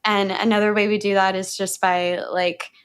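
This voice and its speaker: A woman speaking as a guest on a conversational podcast. She talks candidly and with animation, swearing freely and breaking into laughter. Her voice sits at an ordinary mid pitch. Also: flat delivery, moderate pace, clean tone. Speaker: podcast guest, breathwork mentor.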